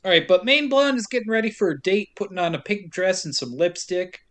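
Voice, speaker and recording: A young man co-hosting a casual comedy podcast, recapping a story with jokes and quick silly voices. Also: high-pitched, expressive, fairly bright tone. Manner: jokey, does quick silly voices for characters, laughs often. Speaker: podcast co-host.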